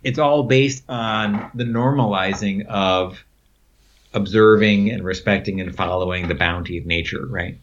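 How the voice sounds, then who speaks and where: A man's voice: on the low side, unhurried. A man telling rambling stories in a casual conversation, with many fillers and frequent laughs. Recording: dull lo-fi recording.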